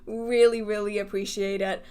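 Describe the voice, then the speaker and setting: A woman's voice: mid-range voice, little pitch movement, moderate pace, darkish tone, clear, resonant tone. A woman hosting a livestream Q&A, chatting casually with viewers, laughing often and restarting her sentences as she rambles in a self-deprecating way. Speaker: livestream host answering viewer questions.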